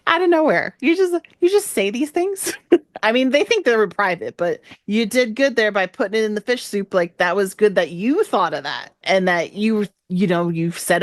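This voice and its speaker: A woman's voice: medium pitch, normal speed, dry recording, clean studio sound. A woman co-hosting a podcast, chatting casually and retelling a game story, laughing often and acting out the lines. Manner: animated, laughs often, acts out quotes. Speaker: podcast co-host.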